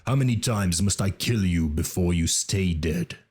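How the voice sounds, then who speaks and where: A man doing a gruff, growling barbarian warrior. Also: deep voice, normal speed, darkish tone. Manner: growling, blunt.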